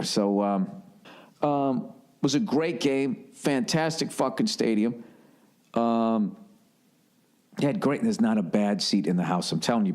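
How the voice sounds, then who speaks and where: A man's voice: fairly low pitch, a little mellow. Rambling, foul-mouthed man on a podcast. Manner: rambling, heavy swearing, mock voices for quoted people. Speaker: podcast host and comedian. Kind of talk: casual comedic podcast monologue.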